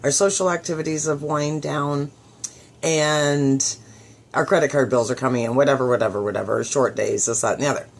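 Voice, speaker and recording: A woman's voice: a bass voice, steady tone, a little fast. A middle-aged woman hosting a motivational radio show, chatty and upbeat, acting out the thoughts she quotes. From southwestern Ontario, Canada.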